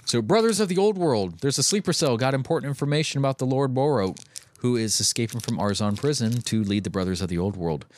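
A man hosting a podcast, loosely recapping an animated web series with chuckles. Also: mid-range voice, fast. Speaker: podcast host.

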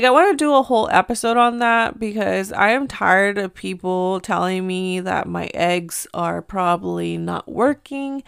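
Chatty podcast woman with gravelly edge. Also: mid-range voice, no room sound, clean studio sound. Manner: candid, chatty, heavy use of "like". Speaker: podcast host. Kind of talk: casual chat.

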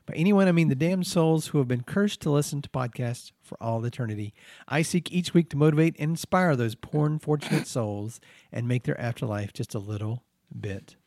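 A man's voice: mid-range voice, a little fast, a little mellow, no room sound, close to an everyday voice. A man playing a damned podcast host who rambles in a dry, chuckling way. His voice is recorded close on a dry, dead mic with no room sound.

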